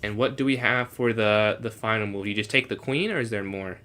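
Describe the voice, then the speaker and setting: A young man solving chess puzzles live, thinking aloud and answering chat, sometimes trying out halting beginner French. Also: lowish voice, bright, forceful tone. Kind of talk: casual live-stream commentary.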